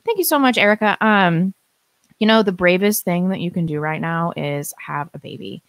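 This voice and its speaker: Woman with a low voice, live-stream co-host, lively storyteller, dry close mic. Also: moderate pace, dry recording. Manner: animated storyteller who acts out quotes, laughs often. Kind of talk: casual chat, telling a birth story.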